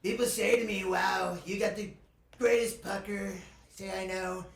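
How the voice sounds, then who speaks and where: A man's voice: high voice, fairly even intonation, normal speed, a bit bright, echoey room, pitched above the performer's own voice. A man doing an impression of a boastful older male politician, full of self-praise.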